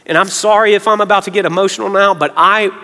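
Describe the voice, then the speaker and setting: A man, preaching a sermon to his congregation in an earnest way, going quiet when he gets emotional. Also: high-pitched, steady tone, quick pace. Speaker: pastor. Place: large church hall. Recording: reverberant church hall.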